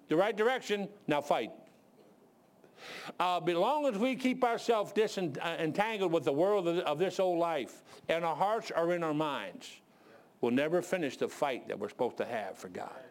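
Man preaching in church, animated storyteller, winded, with a lively, slightly high voice. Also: moderate pace. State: out of breath. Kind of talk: sermon.

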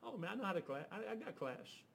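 A man's voice: sits high, big pitch swings, fast, creaky, slight background noise. A man preaching a storytelling sermon. He talks in a folksy way, restarts his sentences often and acts out the voices of the people in his stories. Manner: folksy, with restarts and filler words.

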